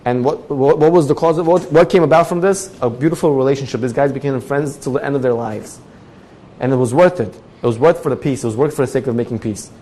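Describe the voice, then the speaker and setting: A man giving a Torah class, telling a story and acting out the characters with lively swings in voice. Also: quick pace. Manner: animated storyteller, acting out characters with big jumps in pitch and loudness.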